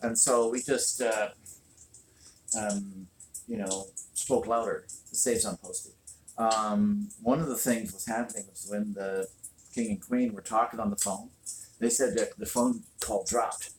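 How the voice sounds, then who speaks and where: A woman's voice: rumbling low, fairly even intonation, unhurried, slight background noise. A woman hosting a casual livestream from home, talking with many fillers and restarts. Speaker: channel host. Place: home room with a fireplace.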